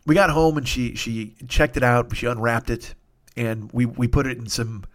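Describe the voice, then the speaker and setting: A middle-aged man hosting a podcast, telling a rambling, profane, excitable comic story. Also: medium pitch, normal speed. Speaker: podcast host.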